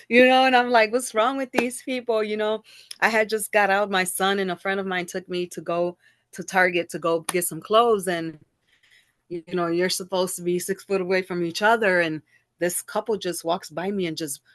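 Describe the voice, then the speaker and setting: A woman's voice: medium pitch, moderate pace, no room sound, clean studio sound. A middle-aged woman, a guest in an interview, telling her own story candidly and acting out the exchanges she recalls. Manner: animated, acts out quoted exchanges.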